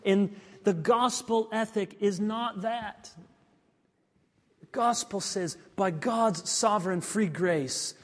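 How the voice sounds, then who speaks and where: A man's voice: high-pitched, takes it slowly. Preaching man in a reverberant hall. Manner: emphatic preaching that swings between ringing declarations and hushed, confiding asides. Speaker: pastor. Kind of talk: sermon. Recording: long reverb of a large hall.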